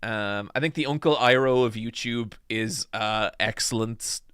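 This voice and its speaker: A man's voice: on the low side, unhurried, fairly bright tone, clear, resonant tone, no room sound, clean studio sound. A young Irish man with a slightly American-tinged accent, chatting casually on a live stream, rambling with ums and restarts. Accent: Irish with American influence. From Ireland. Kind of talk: casual live-stream chat reading comments.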